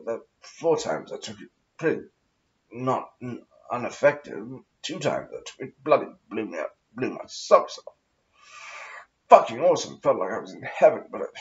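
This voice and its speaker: A man with a posh English accent and a mid-range voice smokes while rambling through a vlog monologue. The recording sounds lo-fi, and he is profane and meandering, tossing in self-mocking asides.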